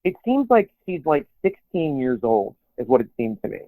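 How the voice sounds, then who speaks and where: A man's voice: medium pitch, normal speed, dry recording. Rambling man on a tinny line. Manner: rambling, animated, lots of restarts and put-on quotes. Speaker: podcast co-host. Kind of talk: casual chat. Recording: tinny phone-like sound, dry.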